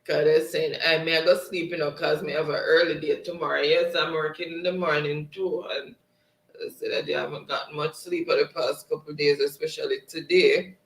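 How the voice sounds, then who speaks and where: A man with a slightly high voice hosts a live stream, reading viewer comments aloud in a casual, laughing way. He sounds set back from the microphone in a roomy space. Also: level tone, fairly quick, a bit bright. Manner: laughs often, reads chat aloud. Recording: roomy, distant mic.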